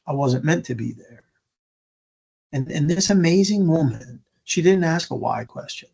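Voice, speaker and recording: A man's voice: on the high side, expressive, normal speed, darkish tone. A man giving an earnest storytelling talk as a speaker, emphatic and with stammering restarts. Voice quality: gravelly, husky. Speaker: keynote speaker. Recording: dull lo-fi recording.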